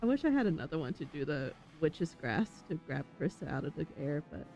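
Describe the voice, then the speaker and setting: Excitable player with a lively voice. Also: medium pitch, brisk, muffled recording, faint music behind. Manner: excitable, laughs often. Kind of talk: casual chat at a game table.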